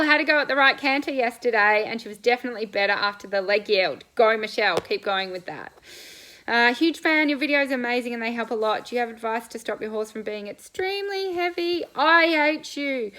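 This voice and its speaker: A woman's voice: on the high side, pushed and bright, poor audio. A woman riding coach hosting a casual live question-and-answer stream, chatty and bubbly as she answers viewers while eating breakfast. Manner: bubbly and chatty, quick laughs, loose rambling answers.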